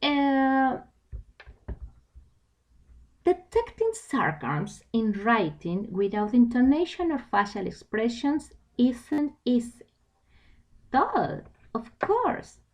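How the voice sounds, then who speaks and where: A woman's voice: fairly high pitch, sing-song, slow pace, pauses often, lo-fi sound. A woman teaching an online English class from home, explaining a textbook and switching into Spanish now and then. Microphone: home computer mic.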